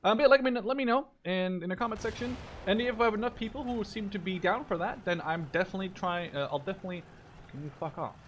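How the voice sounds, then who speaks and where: A young man in his twenties, from the Netherlands, chatting loosely over his gameplay in a fairly high voice. He rambles, restarts and swears casually. Faint game noise and distant artillery sit behind him. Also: fast talker, hardly any pauses. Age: 20s. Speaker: gaming YouTuber.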